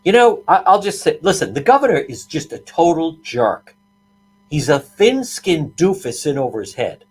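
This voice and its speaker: A man's voice: on the high side, very animated, moderate pace, darkish tone, slightly rough. A man hosting a talk show, ranting with heated, sarcastic indignation and many restarts. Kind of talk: heated political commentary.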